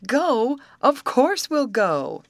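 A woman voicing a cheerful, warm-hearted teenage girl who talks in a bright, encouraging way. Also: fairly low pitch, expressive, measured pace, no echo, clean studio sound, pitched above the performer's own voice. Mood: delighted.

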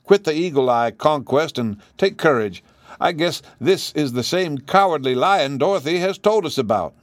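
A man voicing a timid older country husband in a storybook reading, with a husky voice and folksy speech. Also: fairly high pitch, lively intonation, normal speed, dry recording, pitched above the performer's own voice, lightly acted. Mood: relieved.

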